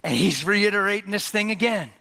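A man preaching a sermon, animated and dramatic, swinging from loud bursts to hushed near-whispers as he acts out the people in his story. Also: high voice, fairly quick, gravelly.

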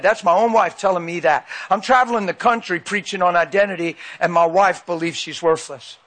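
A man's voice: high voice, fairly even intonation, fairly quick, few pauses, fairly bright tone. A man preaching a sermon into a handheld mic, emphatic and repeating phrases for weight.

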